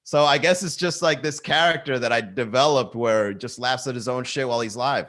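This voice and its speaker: A man's voice: medium pitch, a little fast, hardly any pauses, a bit bright. A male comedian hosting a casual livestream from his garage, riffing at a camera and laughing at his own jokes. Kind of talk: casual solo livestream chat. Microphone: talking to a camera.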